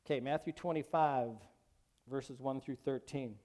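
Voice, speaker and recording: A man's voice: mid-range voice, fairly even intonation, a little slow, dark tone. A man preaching a sermon as pastor at a church service, talking conversationally and asking the congregation questions.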